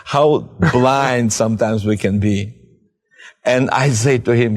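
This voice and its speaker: Gravelly low man telling his testimony. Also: darkish tone, in a large hall. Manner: halting, repeats words, restarts sentences. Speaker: guest giving testimony. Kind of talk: emotional personal testimony.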